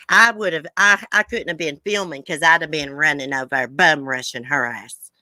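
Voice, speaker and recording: A woman's voice: rumbling low, sharp tone, no echo. A woman hosting a casual live chat with viewers, blunt and profane. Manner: blunt, angry and profane, then chatty. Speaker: livestream host.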